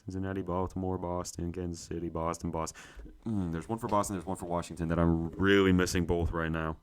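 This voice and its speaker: A man's voice: deep voice, little pitch movement, quick pace. A young man, co-host of a sports show, thinking aloud to himself as he works through a trivia quiz, muttering and searching for names.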